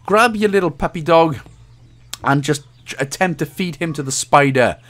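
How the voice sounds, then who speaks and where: A man's voice: fairly high pitch, moderate pace, a bit bright. A Welsh man talking casually through a game walkthrough, joking and chuckling at his own asides.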